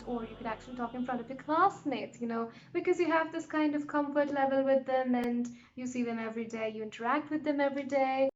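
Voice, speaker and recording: Woman vlogger, high voice, friendly and rambling, talks to the viewer like a pal. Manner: chatty and encouraging, with lots of fillers and asides. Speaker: vlogger giving advice. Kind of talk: casual advice chat to camera.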